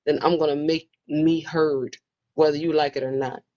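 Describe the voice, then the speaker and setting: A woman's voice: low-pitched, fairly even intonation, normal speed, warm tone. A woman in a casual book club conversation, telling a personal story in a reflective, storytelling manner. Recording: muffled lo-fi audio.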